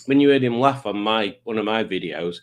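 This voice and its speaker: A man's voice: lowish voice, lively intonation, a little fast. A man hosting a live stream, chatting loosely, joking and greeting viewers in the chat. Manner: rambling, jokey, greets the chat. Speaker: livestream host. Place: home streaming setup with lights.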